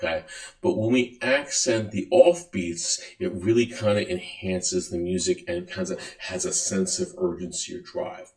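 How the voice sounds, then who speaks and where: A man giving a relaxed music lecture, counting and singing beats aloud between many fillers. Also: low voice, a little slow. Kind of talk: recorded lecture. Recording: echoey room.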